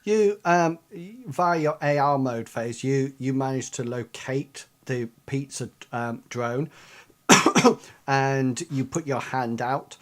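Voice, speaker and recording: Male game master, halting, mid-pitched narration. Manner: halting, full of restarts and ums.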